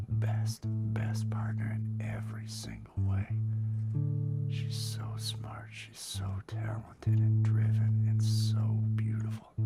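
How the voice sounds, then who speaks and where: A man hosting a casual comedic livestream, murmuring asides and then greeting viewers loudly and cheerfully. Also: fairly low pitch. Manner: mumbled whispering asides before the show; loud upbeat show greeting. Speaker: livestream host.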